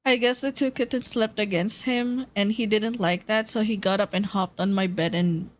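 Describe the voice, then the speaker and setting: A woman chatting on a live stream, greeting viewers by name and giggling often; she says she feels nauseous and dizzy. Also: medium pitch. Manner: giggly, greets chat by name, bursts of laughter.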